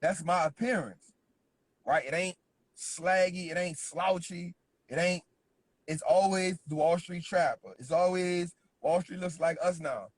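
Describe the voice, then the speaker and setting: A man's voice: high voice, measured pace, slightly rough, dry recording. A man giving a motivational business talk, driving points home emphatically and checking in with "right?" after nearly every phrase. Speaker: business speaker.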